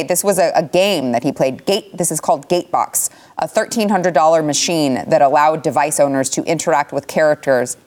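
Woman host, low voice, sarcastic and casual panel commentator. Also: darkish tone. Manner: sarcastic, wry.

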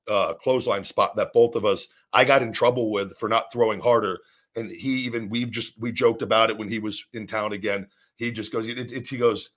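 Speaking at medium pitch with a fairly bright tone, a podcast host runs through a profanity-laden, blunt rant on his own show. Repetition and restarted sentences crop up again and again.

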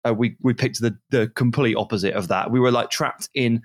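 A man co-hosting a podcast, telling a rambling, animated travel story in a casual chat. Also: medium pitch, fairly quick. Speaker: podcast co-host.

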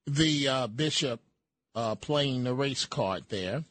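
Slow, sardonic male news commentator. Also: mid-range voice, animated, noisy background. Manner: sardonic, emphatic, frequent fillers. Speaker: host.

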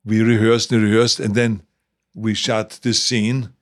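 Man telling halting anecdotes, lowish voice. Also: little pitch movement. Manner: halting anecdotes with acted-out quotes. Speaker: guest. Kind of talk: casual storytelling.

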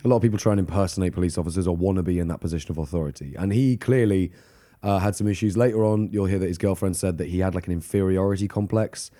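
A man's voice: deep voice, racing, warm tone. A man co-hosting a casual true-crime podcast, joking and swearing as he tells the story. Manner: jokey, swears, breaks into laughter and mock voices. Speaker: podcast co-host.

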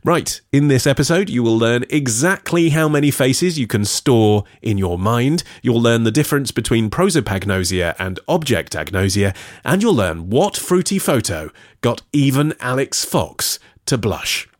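A man hosting a podcast, teasing his co-host in a brisk presenter's delivery. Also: medium pitch, lively intonation, no echo, studio quality. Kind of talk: casual chat.

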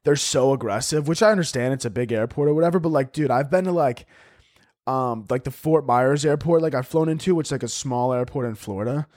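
A young man hosting a podcast, talking in a rambling, profane comedic monologue into a studio mic on a boom arm. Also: brisk, darkish tone, no echo. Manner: rambling, profane, acts out stories in voices. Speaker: podcast host.

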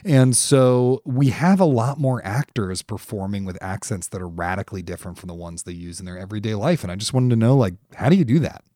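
A man co-hosting a podcast, talking in an animated, thoughtful way with many fillers. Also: lowish voice, a little fast, few pauses, dry recording, clean studio sound. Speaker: podcast co-host. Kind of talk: casual conversational chat.

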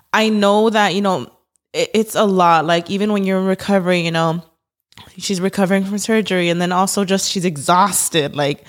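Gushing, rambling woman podcast host. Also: fairly low pitch. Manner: gushing, rambling, lots of "like" and "y'all". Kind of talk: casual chat.

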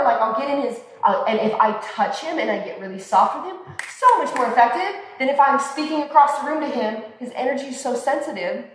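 Animated woman in an echoey room. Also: sits high, fairly quick. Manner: animated, acts out quoted voices. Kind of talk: conversational podcast chat. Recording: echoey room with long reverb.

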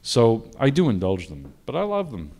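A man's voice: mid-range voice, wildly swooping pitch, moderate pace, creaky, mellow. Male film director, interview, anecdotal, self-deprecating, restarts sentences often. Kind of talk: interview conversation.

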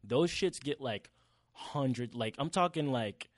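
A young man co-hosting a podcast, talking in an animated, slangy way and swearing freely. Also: medium pitch, slow pace, dry recording. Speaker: podcast co-host. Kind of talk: casual chat.

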